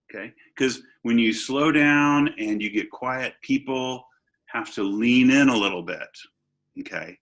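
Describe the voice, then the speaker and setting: A man's voice: medium pitch, lively intonation, fairly bright tone. A man who is a pastor, giving an online seminar lecture over a video call in a conversational way, with fillers and restarts. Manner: conversational, pauses with fillers and restarts, stresses points.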